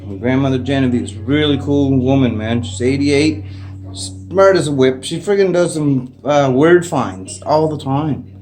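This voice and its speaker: At home, a middle-aged Canadian man chats unscripted to a propped-up phone camera as a vlogger, rambling and saying "eh" and "like" a lot. His medium-pitched, darkish voice has lively intonation and a moderate pace, with faint music behind him.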